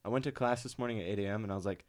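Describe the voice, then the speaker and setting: A man's voice: on the low side, very fast, a little mellow. A man in his twenties co-hosting a podcast, talking in a laid-back, drawling way with lots of fillers. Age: 20s. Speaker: podcast co-host. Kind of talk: casual chat. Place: podcast studio.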